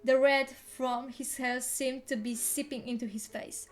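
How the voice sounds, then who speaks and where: A woman's voice: sits high, fairly even intonation, measured pace, faint music behind. A woman reading a novel aloud in the first person, playful and theatrical. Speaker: reader.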